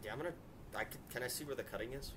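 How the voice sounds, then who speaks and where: A young man playing a tabletop game, chatting casually and often muttering low-key asides. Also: rapid-fire, a bit bright. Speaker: player. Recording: noisy home recording with clicks.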